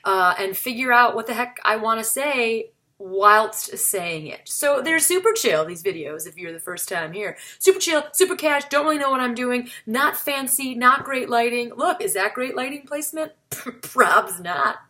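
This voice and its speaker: Speaking at a moderate pace, this female comedian has a slightly high, expressive voice with a sharp tone. She chats to camera indoors in a self-deprecating vlog, recorded on a camera mic.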